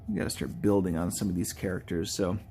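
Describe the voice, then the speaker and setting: A man's voice: sits low, fairly even intonation, fast talker, creaky, warm tone, a little hiss or hum. A man hosting a live drawing video, chatting casually in a rambling, playful way that keeps correcting itself. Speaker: artist and video host.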